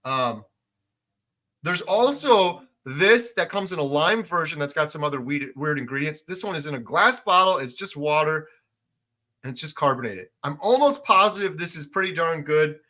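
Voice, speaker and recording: A middle-aged man runs a casual livestream, reading out viewer comments and growing loud whenever he drives a point home. His voice is fairly high and expressive, at a moderate pace.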